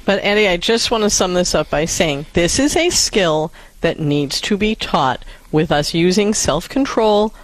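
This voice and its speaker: A woman co-hosting a call-in radio show, giving calm, firm parenting advice. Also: on the low side, measured pace, hardly any pauses, no echo, rough recording.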